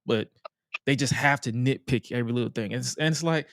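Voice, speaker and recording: A man's voice: medium pitch, fairly quick, no echo, clean studio sound. A man co-hosting a podcast, ranting bluntly and profanely in casual chat. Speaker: podcast co-host.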